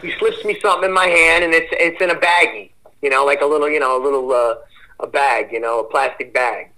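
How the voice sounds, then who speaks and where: A man in his forties tells a long story as a podcast guest. His voice is bright and forceful, sitting a little high. He rambles and swears freely in an animated, casual way. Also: fast talker, rough recording.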